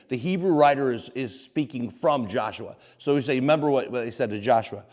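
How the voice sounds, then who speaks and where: A man's voice: medium pitch, fairly quick, few pauses, darkish tone. Earnest man, echoey hall. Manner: earnest, folksy storytelling. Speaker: devotional host. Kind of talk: short devotional talk. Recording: long hall reverb.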